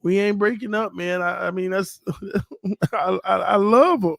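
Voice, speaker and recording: A man's voice: high voice, unhurried, gravelly, no echo, clean studio sound. A man hosting a fan channel livestream in casual chat, a little tipsy, playful and rambling, laughing often.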